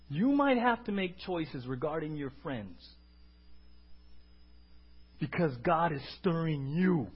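A man's voice: a little high, sing-song, takes it slowly, pauses often, slightly rough. A male pastor preaching an emphatic sermon, firing questions at the congregation for them to answer back. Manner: emphatic, call-and-response questioning. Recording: dull lo-fi recording.

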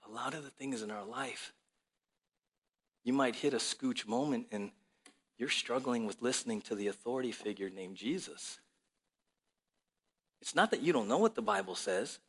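A male pastor preaching a sermon with animated storytelling and frequent rhetorical questions to his listeners. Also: medium pitch, breathy edge.

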